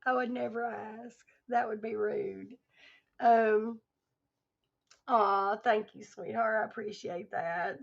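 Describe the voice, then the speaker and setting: A woman is chatting on a livestream, her voice a little high and gravelly with fry. She sounds tired, rambles, and talks affectionately to her viewers. The audio is dull and lo-fi. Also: fairly even intonation, slow pace. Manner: affectionate, rambling, laughs often. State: tired, voice starting to go. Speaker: livestream host. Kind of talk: casual livestream chat with viewers.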